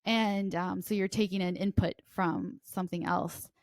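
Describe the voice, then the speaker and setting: Fast-talking nervous woman, dry close mic. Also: mid-range voice, fairly even intonation, dry recording. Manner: fast, restless talk with many fillers and restarts. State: nervous and sweaty. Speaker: podcast co-host. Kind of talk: casual podcast chat.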